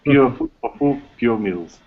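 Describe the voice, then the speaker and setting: A man's voice: medium pitch, lively intonation. A male student on a video call carefully repeats a practice phrase. His voice rises and falls noticeably. The sound is tinny and phone-like. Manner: careful, halting repetition.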